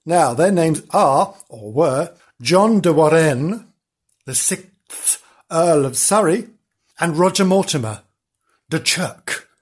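Male host hamming up a ghost story, husky, swoops all over. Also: on the high side, lively intonation, takes it slowly. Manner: theatrical and melodramatic, hamming up the gore. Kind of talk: comic ghost-story telling.

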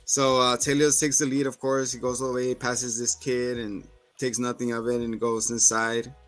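A man's voice: medium pitch, level tone, moderate pace, a bit bright, soft background music. A man co-hosting a podcast, casually recapping a TV episode, swearing freely and acting out lines from scenes with laughs. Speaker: podcast co-host.

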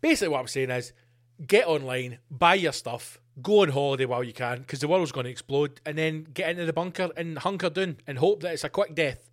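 A man hosting a podcast, ranting comedically with plenty of swearing and animated asides. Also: fairly high pitch, fairly quick. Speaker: podcast host. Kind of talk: comedic rant.

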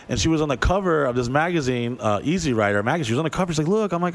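A man telling a crude, profane story on a podcast, animated and acting out the voices of people in it. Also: mid-range voice, quick pace, hardly any pauses.

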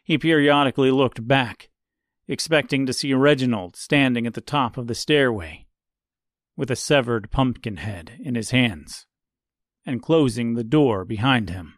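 A man narrating an audiobook in a slow, deliberate, even way. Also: mid-range voice, no echo, clean studio sound. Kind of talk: scripted narration.

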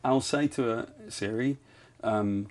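A man's voice: lowish voice, takes it slowly, a little hiss or hum. A man, a podcast guest telling stories in casual, self-mocking chat. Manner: self-mocking, animated storyteller.

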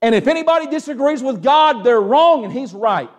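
Pastor, male, high voice, sermon delivery with call-and-response, shifts between hushed and raised. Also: lively intonation, brisk. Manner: Southern-tinged preaching with call-and-response "amen?", swings from hushed to raised.

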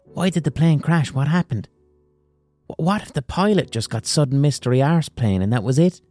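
A man hosting a podcast, telling a crude comic story in an animated way. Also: mid-range voice, no echo. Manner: crude, animated, gasping impressions. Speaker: podcast host.

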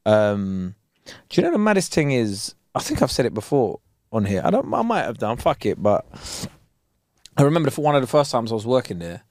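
A man's voice: mid-range voice, very animated, fairly quick, darkish tone, dry recording. A young man, co-hosting a podcast in casual chat, full of slang and swearing as he tells stories. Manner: slangy, storytelling, swears freely. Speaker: podcast co-host.

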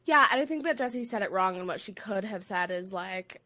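Woman podcast co-host, mid-pitch voice, measured reasoned recap chat, dry sound. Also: lively intonation, bright, forceful tone, no room sound. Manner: measured, reasoned, weighs both sides.

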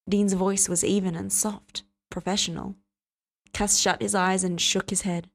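A woman reading a story aloud as audiobook narrator in a steady, even manner. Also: mid-range voice, moderate pace. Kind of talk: scripted narration.

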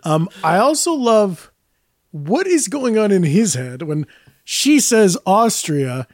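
A man's voice: high voice, very animated, slow pace, dry recording. Amused male co-host, dry close sound. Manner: amused, riffing, laughs mid-sentence. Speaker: podcast co-host. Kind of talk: casual comedic chat.

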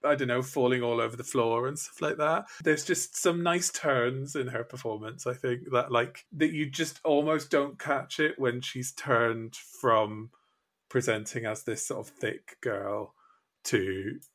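A man hosting a casual podcast chat, agreeing warmly and asking his guest questions. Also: mid-range voice, measured pace. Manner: enthusiastic, agreeable, asks questions. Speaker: podcast host.

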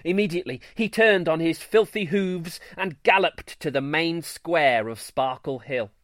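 A man hosting a children's story show, giving scripted narration in a playful, expressive way. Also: a little high, a little slow, dry recording, studio quality. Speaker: storyteller host.

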